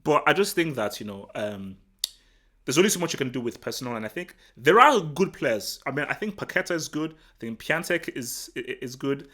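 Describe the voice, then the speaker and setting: A man from Nigeria hosting a live football talk stream, chatting casually and answering the chat in an excitable, rambling way full of restarts. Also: medium pitch, a little fast. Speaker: football talk show host. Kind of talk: casual livestream commentary, reading the chat.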